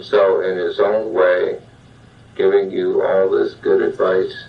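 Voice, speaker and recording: Older guy talking slow and deep, plain measured self help, kinda muffled. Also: monotone, vocal fry. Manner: plain, measured, addresses the listener directly. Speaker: clinical psychologist giving self-help talk. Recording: dull lo-fi sound, distant from the mic.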